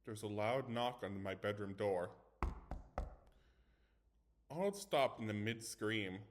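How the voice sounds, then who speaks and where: A man's voice: on the low side, expressive, takes it slowly, long pauses. Man reading a ghost story aloud. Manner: dramatic first-person reading with small stumbles. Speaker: story reader. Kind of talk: reading scary stories aloud.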